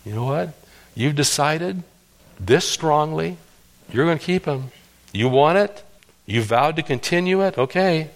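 A middle-aged man preaching a sermon, earnest and pleading, rising to emphatic cries and dropping to hushed lows. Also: lively intonation, a little slow, pauses often. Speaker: pastor.

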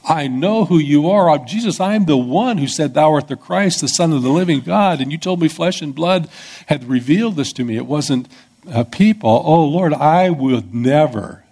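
A preacher putting on a fervent male disciple who insists on his loyalty, his husky voice pitched up high and pushed loud. He pleads earnestly, stressing his words, in a sermon. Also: expressive, normal speed. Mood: fervent pleading. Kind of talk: acted-out scripture in a sermon.

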